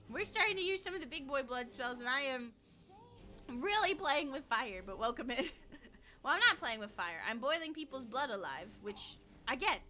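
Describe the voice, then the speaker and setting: A woman's voice: a little high, pushed and bright. A young American woman streaming a game and chatting casually, giggly and blunt, swearing freely. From United States. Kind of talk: casual gaming livestream chat.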